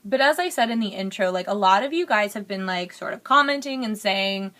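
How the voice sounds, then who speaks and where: A woman's voice: medium pitch, animated, brisk, fairly bright tone. A young woman chatting candidly while doing her makeup in a get-ready-with-me vlog, rambling and full of fillers. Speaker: beauty vlogger.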